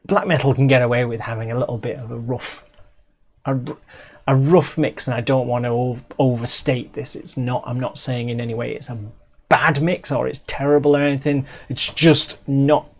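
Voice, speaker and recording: A man's voice: medium pitch, steady tone, normal speed. A middle-aged man from England chatting casually as he reviews a music video, restarting his sentences and filling gaps with ums. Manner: chatty, self-interrupting, many restarts and fillers.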